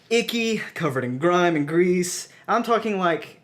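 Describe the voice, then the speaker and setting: Young Southern podcast co-host, animated and self-deprecating, fairly high voice with a bouncy delivery. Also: male voice, takes it slowly. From southern United States. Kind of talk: casual chat.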